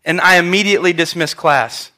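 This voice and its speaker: Bright high-voiced male preacher. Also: brisk. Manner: animated storytelling with questions to the congregation. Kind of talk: sermon.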